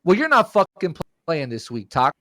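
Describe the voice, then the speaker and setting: Man doing angry short-tempered male boss, barking, higher voice. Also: huge pitch swings, fairly quick, a bit bright, no room sound. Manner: barking, threatening.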